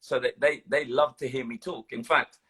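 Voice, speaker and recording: Older london guy, husky voice, chatty and animated, lots of ums. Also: medium pitch, normal speed. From London, England. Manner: animated storytelling, hesitant fillers. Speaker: guest. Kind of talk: casual interview chat.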